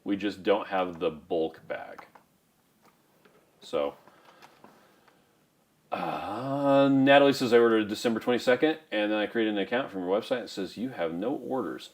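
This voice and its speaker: Middle-aged male co-host, low voice, dry delivery of viewer comments on a casual stream. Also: normal speed, pauses often. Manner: reads out chat comments, dry and matter-of-fact.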